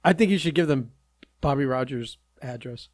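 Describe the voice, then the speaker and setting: A man's voice: mid-range voice, normal speed, no room sound, studio quality. A man co-hosting a casual podcast, teasing his co-host and laughing at him.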